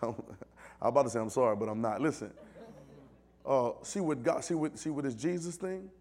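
A man delivers a call-and-response sermon at a slightly quick pace. His speech climbs from quiet asides to loud, shouted calls.

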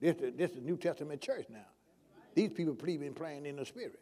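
A man's voice: fairly high pitch, animated, fast, dark tone. A male preacher delivering a sermon, prodding the congregation with call-and-response questions.

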